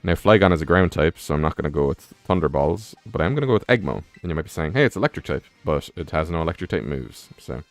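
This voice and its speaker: A man's voice: rumbling low, lively intonation, quick pace, few pauses, no echo, soft background music. A young man streaming a game, rambling casually with many fillers and curse words. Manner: rambling, heavy on fillers, profane. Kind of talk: casual rambling commentary while gaming.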